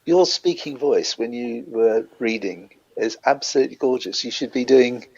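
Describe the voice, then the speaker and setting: A man's voice: medium pitch, moderate pace, slightly rough, no room sound, dull audio. A man joining a live stream as a guest, talking effusively and heaping on praise. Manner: effusive, keeps praising warmly. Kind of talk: casual chat on a live stream.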